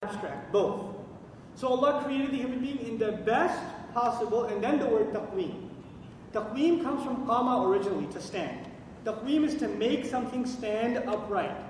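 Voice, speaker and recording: A man with a high voice teaches a religious lecture and keeps asking his audience questions before he answers them himself. He is caught from a distance, and his voice rings out with a long echo through a large hall. A faint hum runs underneath. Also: lively intonation, moderate pace. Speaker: Quran teacher. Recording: echoey hall recording from far off.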